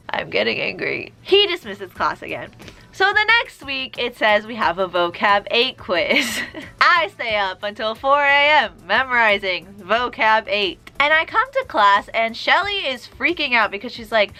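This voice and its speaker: A young woman telling a story casually to camera, sarcastic and animated as she acts out both sides of a conversation. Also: on the high side, moderate pace, faint music behind. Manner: animated, sarcastic retelling with quoted dialogue. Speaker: vlogger.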